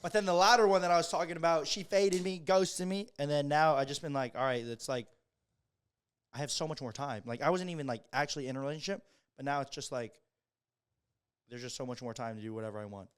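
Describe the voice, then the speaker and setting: A man's voice: fairly high pitch, fast talker, clear, resonant tone. A twenty-one-year-old man co-hosting a podcast, talking in a laid-back, hesitant way with many fillers. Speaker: podcast co-host. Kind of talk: casual chat.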